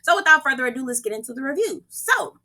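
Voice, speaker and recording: A woman with a bright, fairly high voice hosts her reality TV recap vlog. She is sassy and animated and asks her viewers what they think. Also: fast. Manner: sassy and animated, keeps calling the viewer "girl". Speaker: host of a reality TV review channel.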